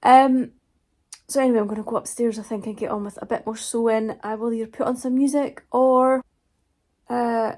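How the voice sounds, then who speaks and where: A woman vlogging casually to camera about her day, chatty with frequent pauses and ums. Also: on the high side, steady tone, warm tone. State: tired, yawning.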